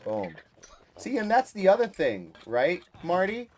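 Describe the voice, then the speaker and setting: Casual, talkative male streamer from Massachusetts, voice a touch high, drops easily into Spanish. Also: wildly swooping pitch, measured pace, a little hiss or hum. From Massachusetts, USA. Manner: chatty, rambling and easygoing; switches freely into Spanish. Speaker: gaming livestream host. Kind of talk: casual chat with live chat viewers.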